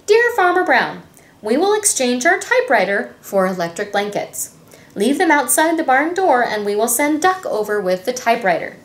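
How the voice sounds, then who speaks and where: A woman's voice: a little high, sing-song, normal speed. A woman voicing a herd of polite striking cows that read out their written demands in a prim letter-reading voice. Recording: echoey room with faint music.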